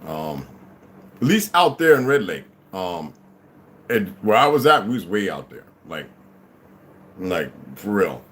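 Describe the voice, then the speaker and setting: A man's voice: low-pitched, sing-song, measured pace, long pauses, fairly bright tone. Tired, laid-back man streaming live. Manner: laid-back, profane, rambling, greets viewers as "beloved". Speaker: livestream host. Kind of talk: casual livestream chat.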